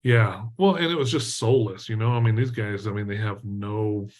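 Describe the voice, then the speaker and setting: A middle-aged man from Texas, a podcast guest telling a story in a lively way, laughing often and using lots of fillers. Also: on the low side, normal speed. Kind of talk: storytelling in an interview.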